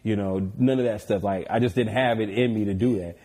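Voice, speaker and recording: A man with a low, mellow, slightly husky voice tells stories in a relaxed podcast chat. He is animated and playful and breaks into laughter often. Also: brisk. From United States. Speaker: podcast guest. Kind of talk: casual storytelling interview.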